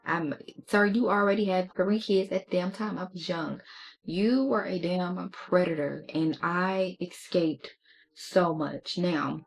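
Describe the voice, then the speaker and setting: Low, gravelly-voiced woman chatting candidly. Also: takes it slowly. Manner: candid, sassy, talks straight to viewers. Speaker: beauty vlogger. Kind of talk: casual storytime chat.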